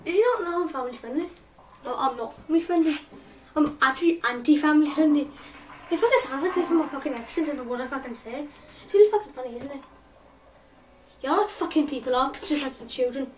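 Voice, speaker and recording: A woman's voice: high-pitched, fast, a crowd in the background. A woman hosting a let's play, giggly and chaotic, swearing a lot as she plays. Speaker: gaming channel host. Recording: voice far from mic, faint game music.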